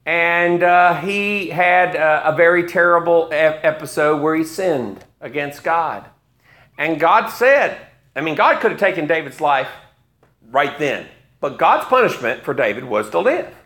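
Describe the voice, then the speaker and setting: A man in his fifties preaches a sermon, retelling a story with wry humor. His slightly high voice moves in lively swings, rising and dropping to carry the narrative. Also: measured pace. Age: 50s.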